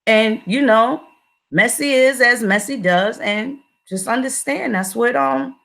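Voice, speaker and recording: A woman's voice: a little high, unhurried, vocal fry, fairly bright tone. A woman giving a profane, repetitive livestream commentary, speaking in a confrontational way.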